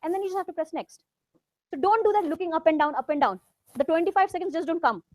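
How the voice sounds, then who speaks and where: A woman's voice: very high-pitched, quick pace. A woman with an Indian accent coaching students for an English exam in a classroom, mixing in Hindi and coaxing them to try.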